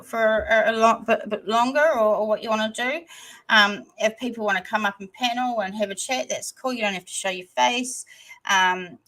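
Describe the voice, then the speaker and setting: A New Zealand woman hosting a casual livestream chat, hesitant and rambling with many pauses. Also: fairly high pitch, fairly bright tone, rough recording. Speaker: channel host.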